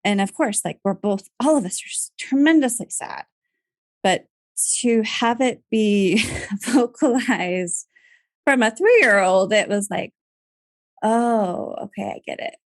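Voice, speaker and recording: Woman guest, 30s, soft-spoken personal storytelling, dry close sound. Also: medium pitch, animated, measured pace, no echo. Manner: soft-spoken, laughs through tears. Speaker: podcast guest.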